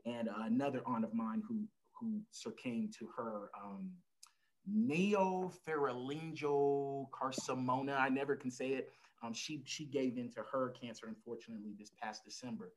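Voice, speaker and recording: A man talking as a podcast guest and caregiver, telling a family story in a relaxed conversational way, with lots of "you know" and acted-out lines from family members. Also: medium pitch, normal speed, poor audio. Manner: frequent "you know" fillers. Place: lives in El Paso, Texas.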